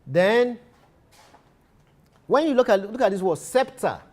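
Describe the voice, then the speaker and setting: A man lectures on literature in a slightly high voice. He repeats each key phrase and often breaks off to restart a sentence. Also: animated, a little slow. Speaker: literature teacher.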